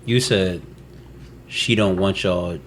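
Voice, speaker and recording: A man's voice: low voice, slow pace, slight background noise. A man co-hosting a casual podcast chat, mostly reacting with short asides and pointed questions. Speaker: podcast co-host.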